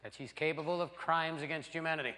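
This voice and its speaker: A man doing a stand-up routine, animated and crude, acting out voices for his punchlines on a live stage. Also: a little high, fast talker. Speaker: stand-up comedian. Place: theater stage before a laughing audience. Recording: live stage with long reverb and loud noise.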